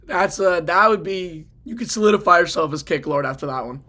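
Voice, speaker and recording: A man's voice: high-pitched, expressive, fairly quick, bright, forceful tone. A man interviewing a fighter, agreeing often and asking follow-up questions. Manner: encouraging, agreeing, asks follow-ups. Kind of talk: casual interview chat.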